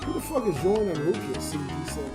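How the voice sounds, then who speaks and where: Loud music plays behind him in a roomy-sounding space as a high, very animated, fast-talking man rants. He's a livestreamer and YouTube comedian, drunk and crying through an emotional late-night stream, swearing and talking straight to viewers.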